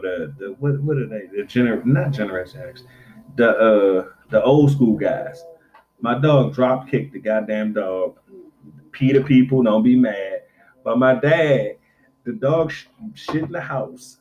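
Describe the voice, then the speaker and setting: A middle-aged man in casual chat, telling profane, animated stories and acting out quotes. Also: lowish voice, slight background noise. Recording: dull lo-fi recording.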